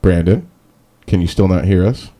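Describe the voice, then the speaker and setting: A man's voice: deep voice, moderate pace, warm tone. A man hosting a talk radio show, making dry, laid-back asides in casual banter.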